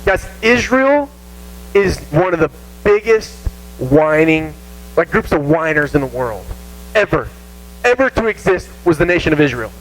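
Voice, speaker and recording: High-voiced Southern youth preacher. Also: male voice, normal speed, faint music behind, rough recording. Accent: Southern American. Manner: animated, self-mocking, acts out whiny voices. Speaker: youth pastor. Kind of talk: casual youth sermon. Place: church youth room.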